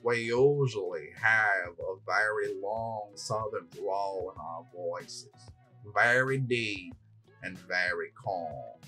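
A man putting on a deep, slow drawl to play a calm, dapper Southern gentleman. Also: soft background music.

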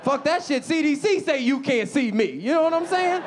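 A man's voice: extremely high pitch, lively intonation, moderate pace, a little hiss or hum. A young man from the south side of Chicago doing a stand-up comedy set on a club stage, acting out characters in funny voices. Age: young adult. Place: comedy club stage before a live audience.

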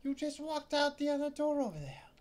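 A man's voice: extremely high pitch, sing-song, fairly quick, darkish tone, voice pushed up. A man doing a panicky female spy clerk. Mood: panicked. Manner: trembling, panicky, drops foreign curse words. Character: nervous female spy clerk in a music shop.

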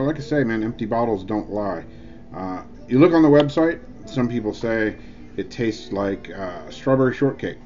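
An e-juice reviewer rambles through a loose, joking vlog review packed with filler words. His voice sits in the mid-range with a slightly mellow quality, and the lo-fi recording sounds dull, with faint music behind him.

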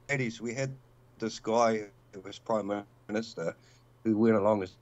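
A man's voice: fairly low pitch, a little fast, highs cut off. Blunt rambling New Zealand man. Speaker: guest caller. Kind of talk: casual call-in chat.

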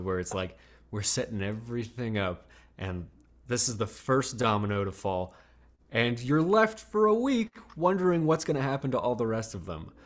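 Relaxed musing podcast co-host, a man. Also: medium pitch. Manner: relaxed and musing, asks follow-up questions. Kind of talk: casual conversational chat.

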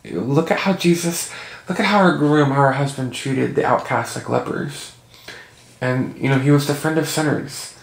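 A man's voice: mid-range voice, normal speed, creaky. A man giving an earnest, conversational Bible teaching from home. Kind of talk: casual Bible teaching video. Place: at home, indoors. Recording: echoey room with faint noise.

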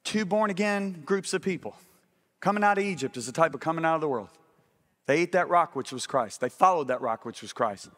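A middle-aged man preaching a sermon, animated and often asking the congregation if they follow him. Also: on the high side, fairly quick.

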